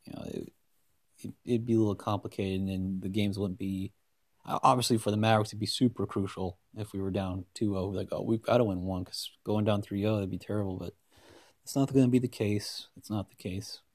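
A man hosts a solo sports podcast in a mellow, low voice. He rambles and gets excited, often restarting his sentences. The sound is close and dry. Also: fairly quick, no echo. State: hiccups. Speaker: podcast host.

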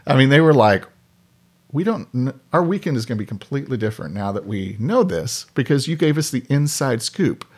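Brisk and a little mellow, a man's mid-range voice moves with lively intonation as he tells casual stories on a podcast, where he is a guest, acting out the voices of the characters in his anecdotes with animation.

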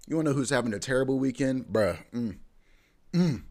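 A man's voice: mid-range voice, lively intonation, normal speed, a little mellow. A man hosting his podcast in a casual, playful rant, speaking in with loose, repetitive slang. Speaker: podcast host. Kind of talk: casual ranting monologue.

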